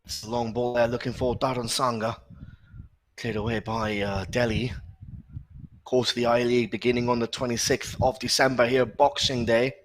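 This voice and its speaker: A man calls a football match live, moving quickly from pass to pass and filling gaps with short pauses. His voice sits in a middle register, plain and steady. He speaks into a close commentary mic. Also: mid-range voice, a little hiss or hum. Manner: brisk play-by-play with filler pauses.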